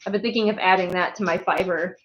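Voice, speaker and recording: A woman's voice: on the low side, fairly even intonation, quick pace, dull audio, slight background noise. A woman chatting casually on a live stream from her home, rambling and laughing often. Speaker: streamer and writer. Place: home with pets.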